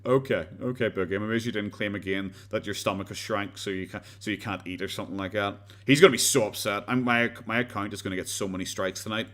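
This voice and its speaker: An Irish man chats through a casual livestream with a fairly low voice. He rambles and stumbles, restarting words, and drips sarcasm as he talks to his viewers. It sounds like a close desk microphone at home. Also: steady tone, quick pace, hardly any pauses, fairly bright tone. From Ireland. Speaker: livestream host.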